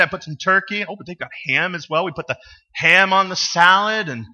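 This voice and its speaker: With a bright, forceful voice on the high side, a pastor delivers a quick-paced sermon in his church sanctuary. He tells stories with humor in a conversational way and asks the people questions.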